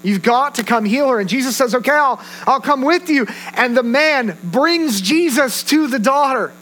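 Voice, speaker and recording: A male pastor preaching a sermon, telling stories with animated delivery and acting out quoted voices. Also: very high-pitched, moderate pace, rough recording.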